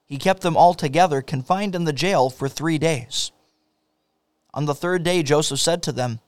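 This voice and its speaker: Guy reading the bible aloud, steady pace, slightly high voice, dry close studio sound. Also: normal speed, no echo. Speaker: scripture reader. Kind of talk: scripture reading.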